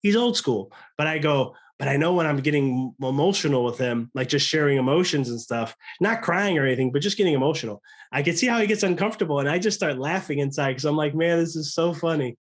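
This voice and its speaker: A man's voice: on the high side, quick pace. A man in his thirties, a guest on a podcast, talking casually and earnestly, with many restarts and quoted self-talk. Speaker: podcast guest, chiropractor and coach.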